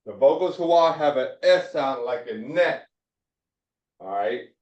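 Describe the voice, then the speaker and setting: A man teaching a slow Hebrew phonics lesson, sounding out syllables one at a time with many fillers. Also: mid-range voice, animated, darkish tone. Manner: drawn-out, halting delivery with frequent fillers. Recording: echoey, dull room sound from a distance.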